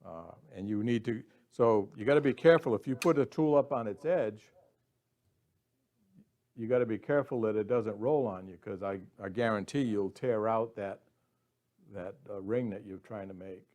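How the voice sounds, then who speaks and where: A man's voice: lowish voice, moderate pace, a little mellow. A man demonstrating woodturning, explaining his steps in a folksy way and restarting words as he thinks aloud. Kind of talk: instructional demo explanation.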